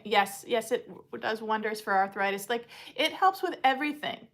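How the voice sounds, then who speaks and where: Hosting a relaxed live chat, this woman speaks at a moderate pace with a sharp tone, wandering from point to point and filling pauses with frequent ums and uhs. Every so often she slips into a high baby-talk voice to coo at puppies.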